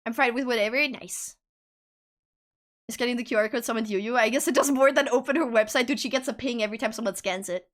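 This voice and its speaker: A woman's voice: a little high, fast. A young woman streaming live, chatting casually and playfully with her viewers, often breaking into giggles.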